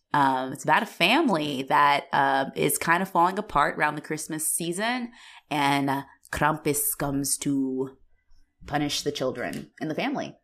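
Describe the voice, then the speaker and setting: A woman co-hosting a casual podcast chat, animated and laughing often, with lots of fillers. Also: low voice. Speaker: podcast co-host.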